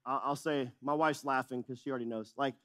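A man's voice: medium pitch, fairly even intonation, brisk, a bit bright. A middle-aged male pastor preaching a sermon in a church, emphatic and repetitive, asking the audience questions. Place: church auditorium.

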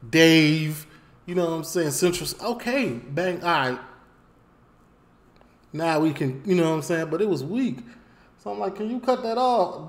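Vlogger man, high voice, slangy storytime, repeats lines for emphasis. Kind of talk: casual storytime.

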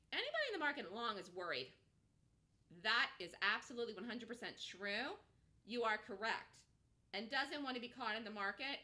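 Woman trader talking markets live, kinda high voice, rambles n repeats herself, reads chat. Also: pushed and bright. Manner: reads and answers viewer chat. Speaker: stock trading show host.

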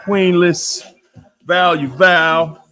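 A man's voice: sits high, fairly even intonation, faint music behind. A man hosting a live stream, greeting viewers in the chat one by one and hyping them up, still sweaty after a workout. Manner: hypes up viewers, drawn-out shout-outs. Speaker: livestream host.

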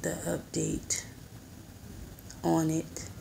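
A young woman in her twenties talks straight into her phone in a cramped apartment, rambling in a hushed, soft-spoken way. Her voice is low and gravelly with a lot of fry. She takes her time and drags each thought out slowly. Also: completely flat delivery, a little hiss or hum. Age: 20s. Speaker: vlogger and mother. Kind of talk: casual rambling vlog. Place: small apartment.

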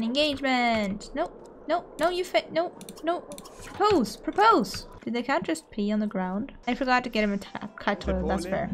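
Excitable high-voiced woman gaming. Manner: excitable, gasping and squealing at the game. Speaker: gaming YouTuber. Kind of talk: let's play commentary.

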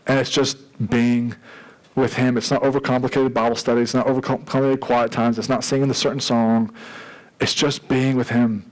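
A man preaching a sermon as pastor, in a conversational, animated way with jokey asides. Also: medium pitch, normal speed, low-quality recording.

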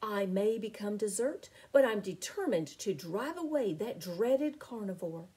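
A woman voicing a determined young female dinosaur heroine in a read-aloud storybook, shouting her defiance. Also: medium pitch, lively intonation, a little slow, slightly rough.

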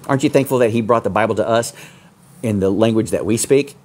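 A man preaching a sermon as pastor, fiery, swinging from loud peaks to low asides. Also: quick pace.

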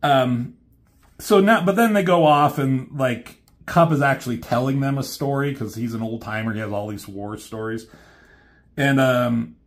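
A man's voice: medium pitch, moderate pace. A man casually retelling a comic, rambling with many fillers and the odd swear word. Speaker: reviewer.

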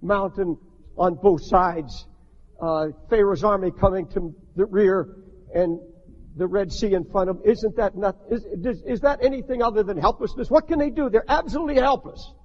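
An older man preaching a sermon as a pastor, impassioned, rising to shouts, with many restarts. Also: high voice, moderate pace. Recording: dull archival recording in a long-echo hall.

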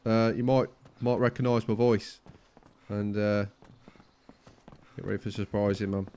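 A man's voice: on the low side, level tone, unhurried, mellow, clear, resonant tone. A cheeky young man, pestering strangers in game voice chat and playing mock-offended when they don't recognise him. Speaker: gaming YouTuber.

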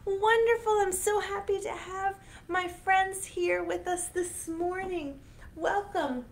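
A woman hosting an online children's storytime as a librarian, reading a picture book aloud in an animated, sing-song way for young children. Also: very high voice, slow pace, a little hiss or hum.

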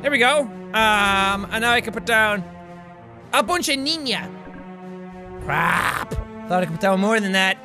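An Irish man giving excitable let's play commentary, often shouting and cursing at the game. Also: sits high, unhurried, pauses often, music in the background. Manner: loud, swings to shouting and cursing. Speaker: gaming YouTuber.

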